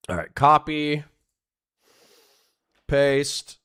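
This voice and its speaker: On a casual livestream, a man talks straight to his chat in a clear, resonant, medium-pitched voice, speaking slowly and pausing often. He reacts giggly and profane, swearing freely and repeatedly breaking into fits of laughter.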